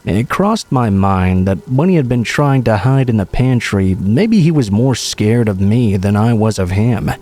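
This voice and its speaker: A man reading true horror stories aloud as scripted narration, in a steady, measured way. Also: on the low side.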